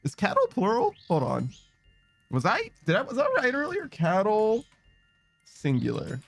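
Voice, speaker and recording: A man's voice: high voice, huge pitch swings, a little slow, vocal fry, faint music behind. A man streaming a game in casual chat, reading messages aloud, rambling, swearing often and laughing a lot.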